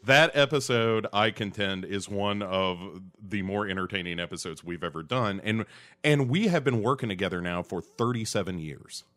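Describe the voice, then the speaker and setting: Rambling lower-voiced man with bright tone. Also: moderate pace. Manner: rambling, digressive, joking. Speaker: podcast host. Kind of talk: casual chat.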